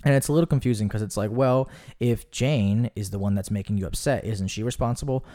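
A young man telling stories in a casual podcast chat, talking in a rambling, animated way with lots of fillers. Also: lowish voice, fairly quick. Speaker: podcast guest.

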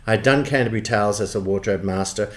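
A man in his sixties in an interview, telling lively anecdotes and acting out quoted lines. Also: fairly low pitch, fast talker. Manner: animated anecdotes with acted-out quotes. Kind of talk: storytelling interview.

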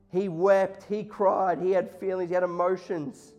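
Impassioned man preaching over soft music. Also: high voice, flat delivery, unhurried, muffled recording. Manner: impassioned, voicing God and listeners in quotes. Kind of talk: sermon. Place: church hall before a congregation. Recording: faint music behind.

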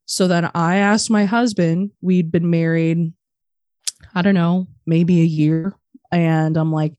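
A woman's voice: fairly low pitch, steady tone, takes it slowly, dark tone, no echo, studio quality. A woman in her thirties, a podcast guest talking casually and bluntly, swearing often. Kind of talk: casual interview talk.

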